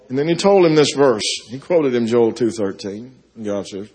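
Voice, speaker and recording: Husky preaching man, lively pitch. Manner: preaching with rising emotional climaxes and drawn-out phrases. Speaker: pastor. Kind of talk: sermon.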